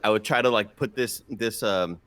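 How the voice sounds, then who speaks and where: Low guy with a bright sharp tone, swears a lot telling stories. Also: moderate pace, no room sound. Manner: animated storyteller, swears freely. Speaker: co-host. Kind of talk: casual podcast chat.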